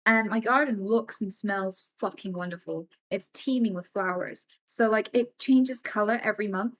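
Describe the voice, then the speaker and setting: A woman's voice: mid-range voice, normal speed. Woman streamer telling a story. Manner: emphatic and swearing, animated as she tells a story. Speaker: live streamer. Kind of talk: casual storytelling to a live chat.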